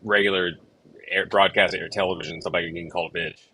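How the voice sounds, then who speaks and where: A man's voice: sits low, fairly even intonation, fast, pushed and bright, husky, no room sound, low-quality recording. A man chatting casually about writing a song, rambling with many fillers and restarts. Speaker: songwriter and show host. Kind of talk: casual chat about songwriting.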